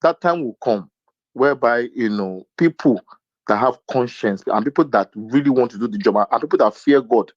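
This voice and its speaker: Nigerian man telling a lively anecdote. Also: mid-range voice, moderate pace, no echo, lo-fi sound. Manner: animated anecdote-telling with many fillers and acted quotes. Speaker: podcast co-host. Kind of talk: casual storytelling chat.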